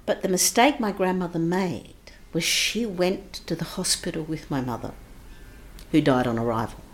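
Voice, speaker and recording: Woman, slightly low voice, emotional first-person storytelling, hushed to intense. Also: normal speed, slight background noise. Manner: vivid, emotional retelling with shifts between hushed and raised intensity. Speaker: guest recounting her childhood.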